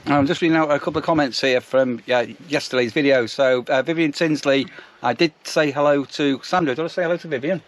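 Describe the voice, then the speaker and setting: A man's voice: fairly high pitch, fast. Chatty man narrating his dinner. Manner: chatty, self-narrating while eating. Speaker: vlogger. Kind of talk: casual vlog chat. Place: campsite caravan.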